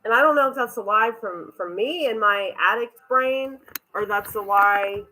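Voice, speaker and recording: A woman's voice: mid-range voice, moderate pace, pushed and bright, a little hiss or hum, rough recording. A woman rambling and swearing freely in a casual home vlog, walking around a cluttered house as she films on her phone. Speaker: vlogger.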